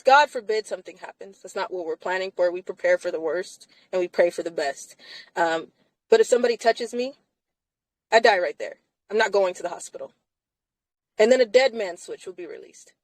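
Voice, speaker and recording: A woman's voice: mid-range voice, brisk, a little mellow, dry recording, low-quality recording. A woman hosting a casual live chat from inside a car, talking emphatically and laughing often between phrases.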